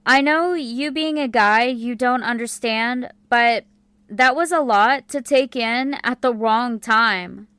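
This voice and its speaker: A woman reading a calm, blunt young woman of twenty in an audiobook, firm and matter-of-fact. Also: on the high side, slow, clean tone, no room sound.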